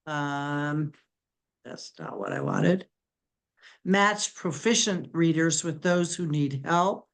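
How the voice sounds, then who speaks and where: A moderator reading chat comments aloud over a video call, haltingly and with muttered asides. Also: mid-range voice, gravelly.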